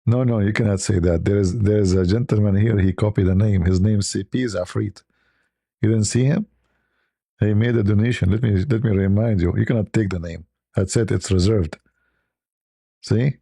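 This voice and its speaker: A male live-stream host talks in loose, chatty fashion and often breaks into laughter at his own anecdotes. His voice is low-toned, mellow and gravelly, with a husky edge. The sound is dry and close, with no room echo. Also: moderate pace. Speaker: livestream host. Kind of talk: casual live-stream chat.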